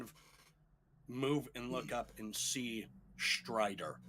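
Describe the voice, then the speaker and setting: A man narrating a tabletop game as game master, telling the story in a dramatic, measured way. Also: medium pitch, sharp tone.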